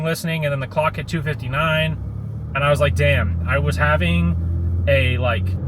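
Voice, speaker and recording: A man's voice: on the high side, fairly bright tone, slight background noise. Rambling young man vlogging. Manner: rambling, many likes and restarts. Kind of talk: casual storytelling vlog.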